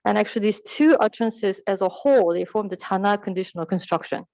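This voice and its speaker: A woman's voice: medium pitch, fast, warm tone, no room sound, rough recording. A woman presenting her research at an academic conference, explaining carefully and correcting herself with fillers and restarts.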